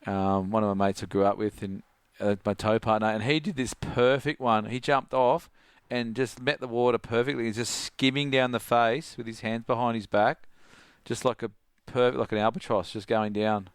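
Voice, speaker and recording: A man's voice: medium pitch, normal speed, smooth, no echo, studio quality. A middle-aged Australian man, a surf coach, animatedly telling stories as a podcast guest and acting out his friends' voices. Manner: animated, acts out friends' voices, laughs often. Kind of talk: casual storytelling.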